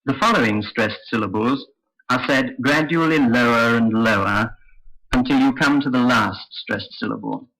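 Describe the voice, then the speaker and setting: A man teaching English intonation in a slow, careful, scripted lesson. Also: mid-range voice, bright, forceful tone, low-quality recording. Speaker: phonetics teacher. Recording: old lesson recording.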